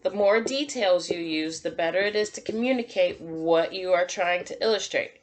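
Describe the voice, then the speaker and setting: A woman teacher giving a gentle, encouraging drawing lesson to young children and talking through each step as she draws. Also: fairly low pitch, moderate pace. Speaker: kindergarten teacher.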